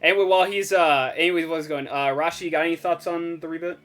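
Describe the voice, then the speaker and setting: A man hosting a casual podcast chat, excitable and swearing, passing the turn to others. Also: fairly high pitch, fast, faint music behind. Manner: excitable, swears, leads the turns.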